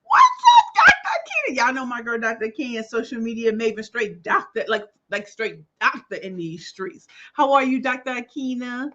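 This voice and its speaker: Female livestream host, animated and slangy, a bit tired, dull lo-fi sound. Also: a little high, normal speed, few pauses. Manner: animated, greets viewers by name, slangy. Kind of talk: casual livestream chat.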